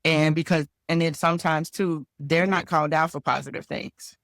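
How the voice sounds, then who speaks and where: Woman, teacher guest, anecdotal and expressive, dry booth sound. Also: low voice, normal speed, no room sound. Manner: vivid anecdotes with acted-out quotes. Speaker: educator guest. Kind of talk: storytelling interview talk.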